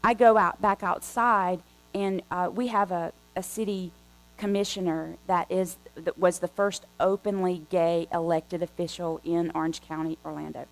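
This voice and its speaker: Woman preacher, low gravelly voice, chatty animated storytelling, faint hum behind. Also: moderate pace, soft background music, poor audio. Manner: conversational, animated storytelling with frequent restarts. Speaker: guest preacher. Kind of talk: storytelling sermon. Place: church sanctuary.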